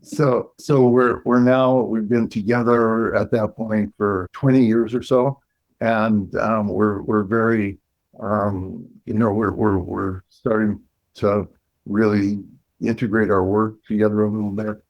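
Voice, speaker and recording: A man with a lowish voice recounts his story at a measured, thoughtful pace, stopping now and then to restart a phrase. He sounds like a psychologist speaking as an interview guest. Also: level tone, muffled recording. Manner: measured and reflective, with pauses and restarts.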